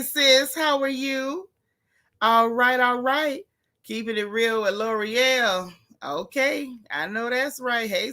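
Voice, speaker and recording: Her pitch runs a little high, with a bright, forceful tone. She's a middle-aged livestream host keeping things casual, calling out viewers by name and using relaxed slang as she chats.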